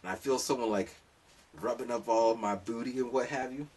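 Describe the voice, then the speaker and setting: A man's voice: mid-range voice, steady tone, a little fast, darkish tone, husky, far from the mic. A man telling a rambling, comic story in a casual monologue, full of asides. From lives in Japan.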